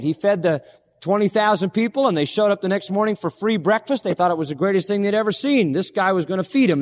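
A man's voice: high voice, big-room sound. A man preaching a sermon, emphatic, repeating key words and asking his listeners questions. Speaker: pastor.

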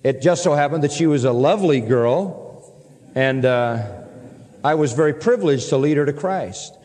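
A man's voice: medium pitch, expressive, normal speed, darkish tone. A man preaching an earnest expository sermon, reading scripture aloud with pointed emphasis. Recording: long hall reverb.

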